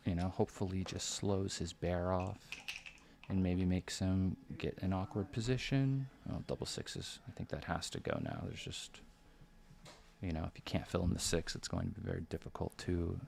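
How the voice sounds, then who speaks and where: A deep-voiced man calls a board game live, keeping his voice hushed and close to a whisper. His tone is gravelly and full of vocal fry, and he thinks aloud as each roll comes in, with a faint noise sitting behind him. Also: normal speed. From United States. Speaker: backgammon commentator.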